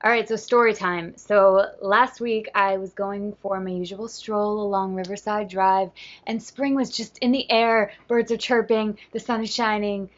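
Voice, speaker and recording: A woman's voice: medium pitch, fairly even intonation, unhurried. A woman life coach talking casually to camera in a chatty, rambling way, full of playful digressions. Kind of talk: casual vlog talk to camera. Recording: slightly dull lo-fi sound.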